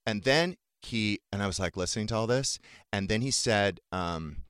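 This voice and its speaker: A man's voice: on the low side, lively intonation, moderate pace, a bit bright, clean tone, no echo, studio quality. A middle-aged man in casual chat, telling a personal story with feeling and acting out the dialogue. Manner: emotional, acts out quoted dialogue.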